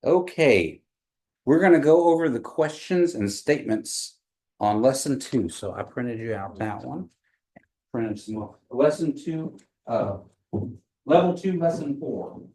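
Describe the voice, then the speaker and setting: A man from Oklahoma teaching a small language class, patiently explaining pronunciation and repeating phrases slowly. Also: mid-range voice, animated, a little mellow, rough recording. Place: meeting room with a small class.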